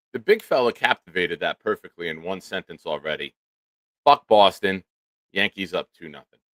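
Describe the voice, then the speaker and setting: A man hosting a live sports fan stream, talking casually with bursts of loud mock cheering. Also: lowish voice, no room sound, studio quality. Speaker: show host.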